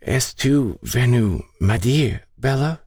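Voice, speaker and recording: A man's voice: mid-range voice, animated, takes it slowly, a little mellow, slightly rough, no echo, clean studio sound, pitched above the performer's own voice. A man voicing a frail, confused elderly woman who slips into French, with a quavering voice. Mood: pleading.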